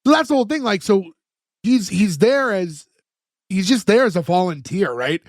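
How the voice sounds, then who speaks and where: A man's voice: sits high, expressive, moderate pace, no room sound, studio quality. A man casually recapping a sitcom episode on a podcast, a loose storyteller full of filler words. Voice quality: talkative, loose storyteller who acts out quotes. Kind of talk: casual chat, plot recap.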